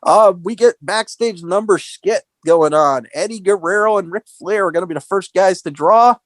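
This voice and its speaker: Animated man recapping wrestling, dry mic. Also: high-pitched, normal speed, no echo. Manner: animated storytelling, acts out quotes in a raised voice. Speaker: podcast co-host.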